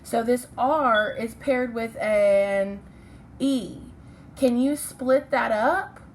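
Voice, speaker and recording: A female teacher walks children through a phonics lesson in a fairly high voice. She speaks slowly and patiently, stopping to check that they follow. A faint hiss of noise sits under the recording. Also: low-quality recording. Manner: patient, checks in with "okay?" and "right?"; apologizes for slips and corrects herself.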